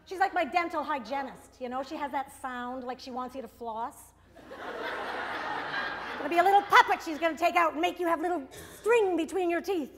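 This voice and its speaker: Wry high-voiced woman doing stand-up. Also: normal speed, pauses often, a bit bright, a faint crowd, slight background noise. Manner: wry, self-mocking punchlines with exasperated bursts. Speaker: stand-up comedian. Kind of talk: stand-up comedy routine.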